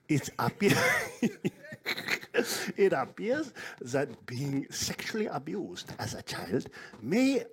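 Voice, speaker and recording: A man voicing a male scientist in a mock German accent, reading in a slow, hushed, half-whispered way. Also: medium pitch, slight background noise.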